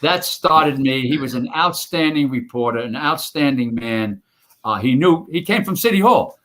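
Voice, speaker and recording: A man's voice: mid-range voice, lively intonation, moderate pace, a bit bright. An older man, a retired firefighter telling rambling stories on a podcast, full of fillers and restarts. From New York. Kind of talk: casual storytelling interview.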